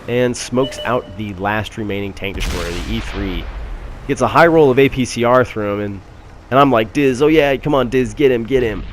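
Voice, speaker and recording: Casual low-voiced man narrating gameplay. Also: a little hiss or hum. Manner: casual, wry, filler-heavy. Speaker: gameplay commentator. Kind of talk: game commentary voice-over. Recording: gunfire and engine sounds behind.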